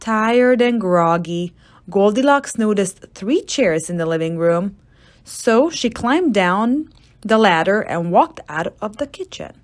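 A woman's voice: medium pitch, slow pace. Playful woman reading a story aloud. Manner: playful, deadpan asides. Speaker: storybook reader. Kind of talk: read-aloud storytelling for children.

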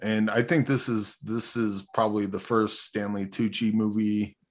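A man's voice: on the low side, little pitch movement, normal speed. A man co-hosting a podcast, rambling in a laid-back way through his movie opinions and swearing casually. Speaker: podcast co-host. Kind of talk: casual movie review chat.

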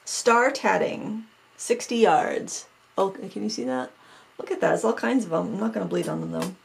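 A woman from Maine chats casually at a desk mic in her craft room, thinking aloud and poking fun at herself. Her voice has a slightly gravelly texture, and there is faint background noise. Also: medium pitch, moderate pace. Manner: chatty and self-mocking, thinking aloud. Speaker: craft vlogger. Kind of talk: casual chat.

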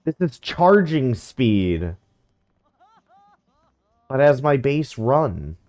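A young man talks over a video game in a loose, unhurried way, reading on-screen text aloud and dropping blunt, grumbling verdicts. His voice is warm and mellow, and his pitch swings widely. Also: big pitch swings. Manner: reads in-game text aloud with offhand jokes. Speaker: gameplay commentator. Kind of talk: casual gameplay commentary.

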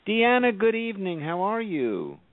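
A man hosting a call-in talk show, soft-spoken and affirming toward his guests. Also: high voice, wildly swooping pitch, normal speed, dry recording. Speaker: radio show host. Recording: phone-line sound, dry.

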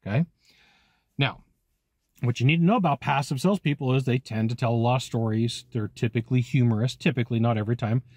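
A man hosts his own sales-training talk, speaking energetically and emphatically straight to the viewer. He keeps checking in with a quick "okay?" as he explains. His voice sits at an ordinary middle pitch, and the sound is dry and close with no room echo. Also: a little mellow. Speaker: sales trainer and channel host. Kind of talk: animated solo teaching talk to camera.

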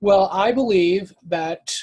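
A man giving a casual, unscripted scripture lesson, thinking aloud, stopping to correct himself and filling pauses with "um" and "like". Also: sits high, a little mellow, slightly rough, low-quality recording. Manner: hesitant, self-correcting, thinks aloud with many fillers. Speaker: Bible study teacher.

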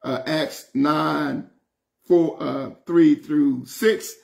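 Gravelly emphatic man teaching scripture. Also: a little high, fairly even intonation, drawn-out words. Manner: emphatic, repeats phrases for stress. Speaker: bishop teaching Bible study. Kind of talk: Bible study teaching.

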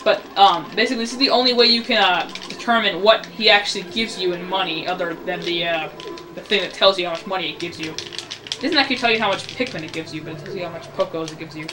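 This is a casual gameplay commentator talking at an ordinary middle pitch. The talk rambles and jokes, often stopping to fix a slip mid-sentence. A clear hiss of noise runs under the whole home recording. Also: fast talker, far from the mic. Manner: rambling, self-correcting, jokey. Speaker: let's play host.

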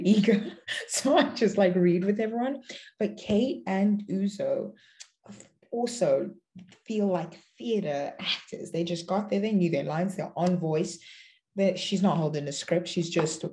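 Low, gravelly South African woman. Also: dark tone. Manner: earnest, reflective storyteller. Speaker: actress guest. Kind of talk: casual interview conversation.

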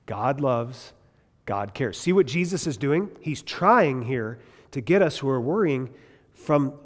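A man teaching a Bible class in a lively, conversational way, asking his listeners questions as he goes. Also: medium pitch, in a large hall. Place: large classroom or hall.

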